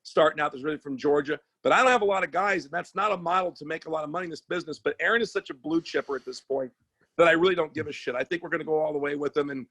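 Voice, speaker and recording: Animated, profane man telling stories. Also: on the high side, rapid-fire, dry recording. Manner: animated, profane, lots of restarts. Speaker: sports agent and comedian, podcast guest. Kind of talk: casual storytelling chat.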